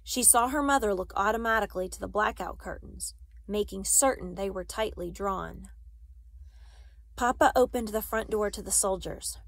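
A woman reading a children's novel aloud in a measured, expressive way. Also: mid-range voice, vocal fry, no echo. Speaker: audiobook reader.

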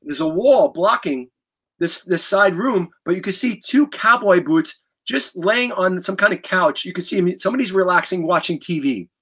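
A middle-aged man tells an animated story in a bright, fairly high voice with a forceful edge. He swears freely and acts out each scene as he goes. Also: moderate pace, husky. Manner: vivid, profane, acts out scenes. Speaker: guest musician.

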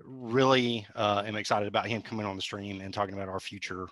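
A man's voice: lowish voice, level tone, fast, a bit bright, dry recording. A man appearing as an engineering executive guest, friendly and explaining things with many fillers. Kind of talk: casual stream chat.

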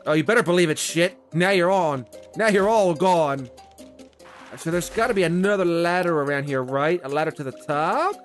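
A young man giving excitable, casual gameplay commentary as the channel's host, swearing often and breaking into loud outbursts. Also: fairly high pitch, a little fast, soft background music.

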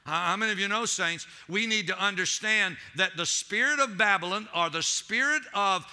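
A man's voice: sits high, normal speed, pushed and bright. A man preaching a sermon as pastor, telling stories with animation and calling out to his congregation as saints.

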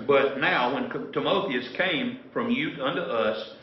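Folksy pastor in a roomy church. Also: male voice, medium pitch, takes it slowly. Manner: folksy, rambling with restarts. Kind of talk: sermon. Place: church sanctuary. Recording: roomy, distant, dull church recording.

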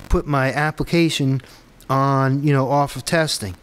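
With a mid-range voice, lively intonation and a moderate pace, this man mutters to himself while debugging. He's an app developer vlogger testing his own app on camera for a casual screen-recorded tech vlog, rambling with frustrated, self-deprecating asides.

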